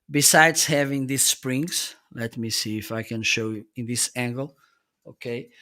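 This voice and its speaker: A man with a medium-pitched, slightly bright voice hosts a livestream, casually demonstrating and explaining gear. His English has slightly non-native phrasing, and he keeps checking in with the audience, often saying "okay."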